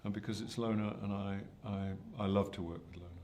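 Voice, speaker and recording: An older actor talks fast in a lowish, warm voice with fairly even intonation while answering press junket questions. He's hesitant and self-deprecating, restarting many times, and there's a little hiss or hum.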